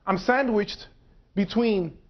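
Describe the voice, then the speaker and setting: A man with a fairly high voice gives a slow, deliberate public talk at a university. The recording sounds dull and lo-fi. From United States. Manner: slow, measured, deliberate delivery. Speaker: speaker. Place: university lecture hall.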